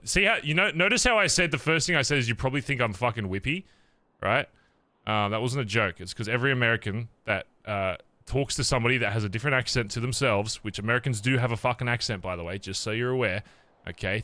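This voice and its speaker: Bright-voiced Australian streamer, crude and joking. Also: male voice, medium pitch, fast talker, dry recording. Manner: crude, joking, reads out subs. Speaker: livestreamer. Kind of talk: casual stream chat. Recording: faint background music.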